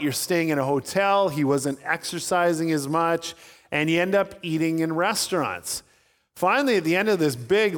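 A man's voice: a little high, big-room sound. A man preaching a sermon as pastor, telling stories and acting out voices in his anecdotes.

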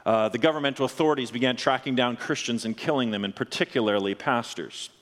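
A man preaching a sermon, telling a story earnestly and dropping low and slow at solemn moments. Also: a bit bright, big-room sound. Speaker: pastor.

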